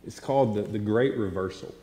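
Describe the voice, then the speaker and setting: Animated preacher in an echoey hall. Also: male voice, lowish voice, fairly quick. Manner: animated storytelling preacher, swings between loud and hushed. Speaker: pastor. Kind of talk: sermon. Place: large church sanctuary. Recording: echoey hall with long reverb.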